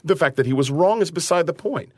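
A man who is an opera singer talking in an interview about a role he sings, animated and acting out his character's lines. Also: a little high, fast, dry recording, clean studio sound. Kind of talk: interview conversation.

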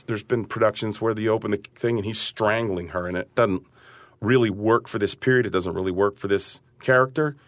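Animated man, dry close sound. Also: on the low side, no room sound. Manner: animated, acts out his character's lines. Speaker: opera singer. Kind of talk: interview conversation.

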